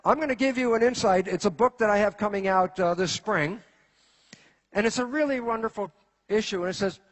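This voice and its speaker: A man with a rather high, slightly husky voice lectures a live audience. He is animated, firing rhetorical questions at the crowd and building toward each point. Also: fairly quick. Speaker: speaker giving a lecture. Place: in front of an audience.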